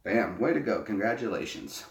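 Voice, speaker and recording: A man's voice: on the low side, animated, moderate pace, recorded from a distance. A man chatting casually with his viewers, joking and rambling between laughs. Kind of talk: casual chat. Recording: echoey room.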